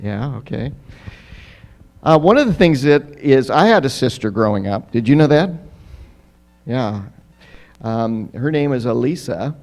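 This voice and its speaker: A pastor giving a children's story in a church. He is lively and keeps asking the children questions. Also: medium pitch, measured pace, long pauses, faint music behind. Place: church sanctuary.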